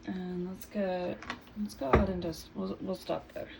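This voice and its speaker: A woman giving a casual tarot reading in an unhurried, musing way, her voice a little hoarse from just waking up. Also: fairly low pitch, little pitch movement, noisy background. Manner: unhurried, musing, trailing off mid-thought. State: slightly hoarse, just woke up. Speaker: tarot reader.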